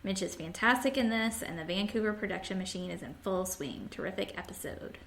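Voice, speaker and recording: A woman's voice: medium pitch, brisk, gravelly. A woman hosting a podcast, casually chatting and reading listener comments aloud with frequent laughs. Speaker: podcast host.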